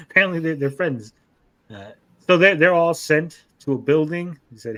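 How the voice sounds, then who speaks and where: A man's voice: a little high, expressive, fairly quick, sharp tone. Rambling, profane male podcast co-host. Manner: rambling, profane, acts out characters' lines. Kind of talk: casual chat recapping episodes.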